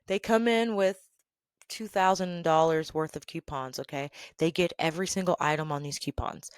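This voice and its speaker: Lady vlogger dishing on old jobs, sassy and emphatic, lowish voice, dry room. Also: normal speed, smooth, dry recording. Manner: sassy, emphatic, repeats "okay?", laughs often. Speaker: storytelling vlogger. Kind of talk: animated casual storytelling.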